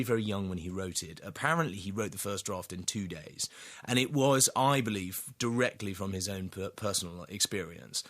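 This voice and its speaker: An actor talking as a radio interview guest, thoughtful and full of restarts. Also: male voice, fairly low pitch, fairly bright tone. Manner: thoughtful, rambling with many restarts.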